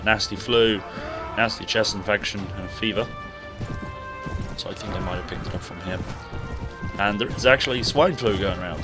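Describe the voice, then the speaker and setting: A rambling man with a low voice, hoarse from a sore throat, talks casually to his viewers while he plays. Music runs clearly underneath. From England. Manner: chatty, rambling, talks to chat while playing. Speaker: game streamer. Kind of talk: casual live-stream gaming commentary. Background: background music.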